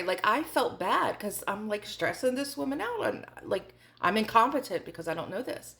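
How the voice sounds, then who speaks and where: A woman's voice: medium pitch, big pitch swings, moderate pace, gravelly, a bit bright. A woman in her forties telling a candid storytime vlog in a chatty way, full of fillers. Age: 40s. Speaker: vlogger.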